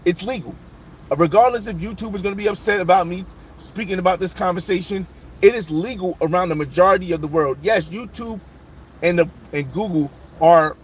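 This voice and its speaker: This man talks in a fairly high voice as he drives and streams live, greeting viewers by name and chatting loosely about what is on his mind. Clear road and engine noise runs under the voice, picked up by a phone mic inside the car. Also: moderate pace. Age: adult. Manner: talks to chat, reading names and shouting out viewers. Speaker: livestream host. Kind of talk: casual live chat while driving.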